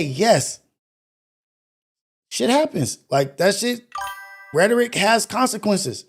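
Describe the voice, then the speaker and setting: A man's voice: high voice, big pitch swings, takes it slowly, pauses often, faint music behind. A man hosting a commentary show, talking emphatically in with rhetorical questions. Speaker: show host. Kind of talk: commentary on played clips.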